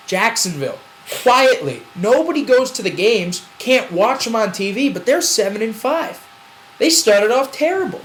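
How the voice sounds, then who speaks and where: A man's voice: high-pitched, a little hiss or hum, low-quality recording. A man co-hosting a casual sports show, rambling through predictions and laughing while he argues. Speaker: sports podcast co-host.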